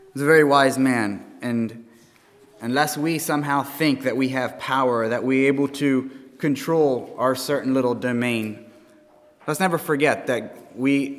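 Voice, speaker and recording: A man preaching a sermon in a church, earnest and halting, with frequent restarts. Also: mid-range voice, a bit bright. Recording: long hall reverb.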